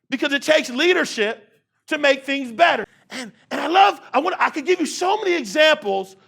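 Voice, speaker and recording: A man of about forty gives a motivational keynote at a university event hall, leading the audience in call-and-response with a repetitive preaching cadence. He speaks in a very high, slightly bright voice marked by vocal fry.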